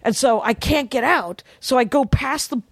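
A woman's voice: sits high, moderate pace, creaky, no room sound. A woman co-hosting a podcast, telling a story in casual chat and acting out the people in it with quoted voices. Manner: animated retelling with quoted voices. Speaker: podcast co-host. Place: podcast studio.

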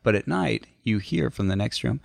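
A man's voice: medium pitch, expressive, moderate pace, gravelly, dry recording. A man co-hosting a podcast, chatting casually with a dry, joking manner into a close mic. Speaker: podcast co-host. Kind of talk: casual chat.

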